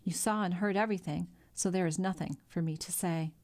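A woman voicing a kindly, ruined older male shipowner who speaks in a gentle, melancholy way in a storybook reading. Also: fairly low pitch, fairly even intonation, brisk, close to an everyday voice. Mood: sad.

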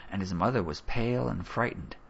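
A man narrating a story in a measured, expressive way, on a dull lo-fi recording. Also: low-pitched, gravelly, slightly rough. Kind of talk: audiobook narration.

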